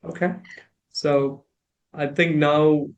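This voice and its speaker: A host talks through word pronunciation in a relaxed, conversational way. The voice sits in the middle of the pitch range, and the speaker keeps repeating words aloud to test them. They think out loud, with plenty of fillers. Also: slow, muffled recording. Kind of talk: casual conversation about pronunciation.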